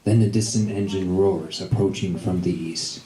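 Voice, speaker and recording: A man's voice: low-pitched, fairly even intonation, normal speed, dark tone. A man at an open mic casually reciting a humorous poem with an amused delivery. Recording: echoey cafe room.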